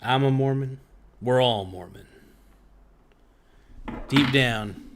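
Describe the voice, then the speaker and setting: A man with a medium-pitched voice speaks slowly while hosting a livestream podcast. He eats, reads his live chat aloud, and rambles casually with plenty of profanity and fillers.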